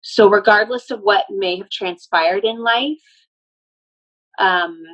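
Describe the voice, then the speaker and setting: A woman's voice: medium pitch, slow, a bit bright. Woman medium relaying messages, earnest and explanatory, muffled recording. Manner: earnest, explanatory, often laughing. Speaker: medium channeling a spirit. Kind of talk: relaying messages in casual conversation.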